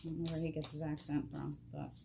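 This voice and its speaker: Excitable woman giving a card reading. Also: sits low, fast talker, gravelly, a little hiss or hum. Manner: excitable and emotional, often laughing and addressing the viewer directly. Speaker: vlogger doing a card reading. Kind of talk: casual spiritual card-reading vlog. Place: at a table indoors. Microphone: camera propped on a box.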